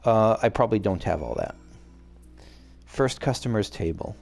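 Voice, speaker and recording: Gravelly rambling game commentator man. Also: fairly low pitch, very animated, normal speed, pauses often, a little mellow, soft background music. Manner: rambling, joking, many fillers. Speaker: let's play host.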